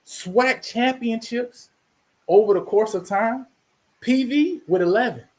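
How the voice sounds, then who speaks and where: Guy ranting on his channel, high voice jumping all over, keeps repeating himself. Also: lively intonation, moderate pace, mellow. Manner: preachy, emphatic, repeats himself. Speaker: channel host. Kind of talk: animated commentary monologue.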